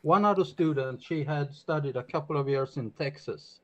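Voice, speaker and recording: A man from Sweden telling stories on a casual podcast, pausing often with filler sounds. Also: a little high, highs cut off. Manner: hesitant storyteller with many uhs.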